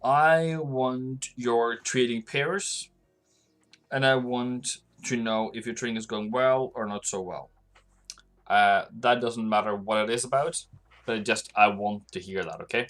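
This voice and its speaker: A man's voice: medium pitch, steady tone, unhurried, a bit bright. A man hosting a live trading stream, loosely rambling to his chat while working through charts. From Norway. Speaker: forex trading livestream host. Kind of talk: live-stream market commentary.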